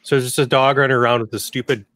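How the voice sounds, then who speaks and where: A man's voice: mid-range voice, flat delivery, racing, fairly bright tone, no echo. Rambling joking man at a game table. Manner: rambling, laughs at own jokes. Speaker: player. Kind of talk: casual tabletop game chat.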